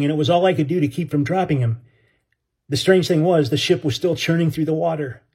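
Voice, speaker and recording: Husky-voiced male audiobook narrator. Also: on the high side, mellow.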